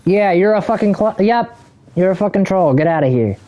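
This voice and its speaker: A man's voice: sits high, animated, brisk, warm tone. A man streaming a game, ranting angrily with heavy profanity at other players. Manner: angry, heavily profane, ranting. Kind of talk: ranting gameplay commentary.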